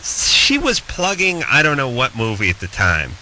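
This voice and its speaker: Man, radio host, blunt crude rambling talk, very bright tone, faint hiss. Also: medium pitch, wildly swooping pitch, moderate pace, rough recording. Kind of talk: casual chat.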